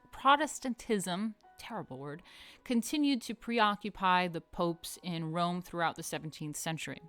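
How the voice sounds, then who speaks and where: A woman's voice: medium pitch, a bit bright, no room sound. A woman hosting a casual art history lecture, chatty and swearing, often drifting into asides. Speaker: host.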